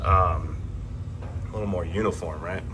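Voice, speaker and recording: A man's voice: low-pitched, steady tone, moderate pace, background noise. A man vlogging casually about restoring his car, rambling with lots of fillers and restarts. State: coughing, clearing his throat. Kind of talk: casual talk to camera.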